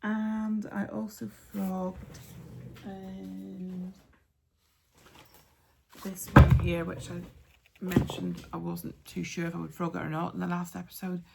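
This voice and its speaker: A woman hosting a craft podcast, chatting casually with many ums and soft asides as she shows yarn and patterns. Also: fairly low pitch, level tone, slow, creaky, heavy background noise.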